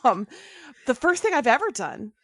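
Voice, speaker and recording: A woman chatting through a TV recap podcast with a lively, swooping voice, often breaking into laughs and quoting lines from the show. Her pitch sits mid-range, and the close mic sounds dry, with no room around her. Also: moderate pace, dry recording. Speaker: podcast co-host. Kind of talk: casual TV recap chat.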